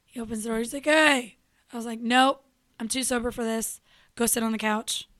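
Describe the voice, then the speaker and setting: A young adult woman co-hosting a show, telling a story in casual chat, animated and profane, acting out what people said. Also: a little high, brisk, no room sound. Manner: animated, profane, acts out quotes. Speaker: radio show co-host.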